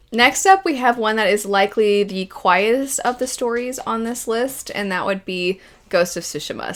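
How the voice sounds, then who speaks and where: A young woman hosting a video essay, gushing and rambling with emotion about stories she loves. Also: mid-range voice. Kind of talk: casual enthusiastic commentary.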